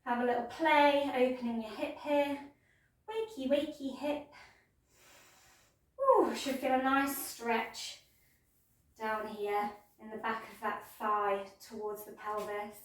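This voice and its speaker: A woman teaching a yoga class, giving gentle, playful step-by-step cues. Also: a little high, steady tone, measured pace, distant mic. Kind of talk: guided yoga class instruction. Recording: echoey room, voice from off mic.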